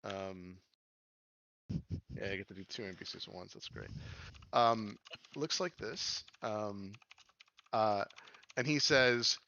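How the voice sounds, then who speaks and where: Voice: low-pitched, slow, vocal fry, pauses often, sharp tone, dry recording, muffled recording. A game master narrating a tabletop game in a rambling, filler-heavy way.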